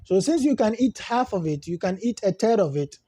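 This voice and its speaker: High-voiced man teaching grammar. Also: animated, warm tone, no echo. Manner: explains Arabic terms in English, repeats examples slowly. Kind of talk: classroom lesson.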